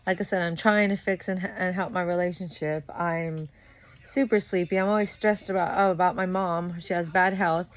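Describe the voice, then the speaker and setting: A woman's voice: lowish voice, fairly even intonation, moderate pace. Ranting sleep-deprived young woman. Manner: profane, ranting, grows louder and heated. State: sleep-deprived new mother. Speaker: vlogger. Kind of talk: casual venting monologue.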